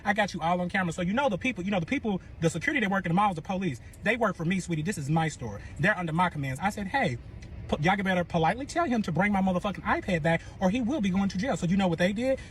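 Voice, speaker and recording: A man's voice: high voice, animated, very fast, a little hiss or hum. A man telling a dramatic breakup story in a profane, boastful rant, acting out the other voices. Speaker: storyteller in a reacted clip.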